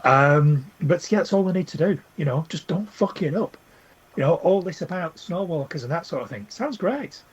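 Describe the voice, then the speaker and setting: A man co-hosting a casual pop culture podcast, speaking bluntly and swearing a lot, with a husky voice. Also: fairly high pitch, animated, moderate pace, lo-fi sound. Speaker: podcast co-host.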